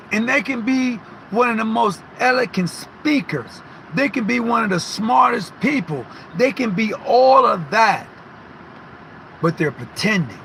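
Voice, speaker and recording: Guy with a high bright voice preaching a lesson from his own story, repeats himself a lot, keeps clearing his throat. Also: slight background noise, poor audio. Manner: emphatic, repeats words, frequent throat clearing. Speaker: Masonic lodge speaker. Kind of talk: informal motivational storytelling.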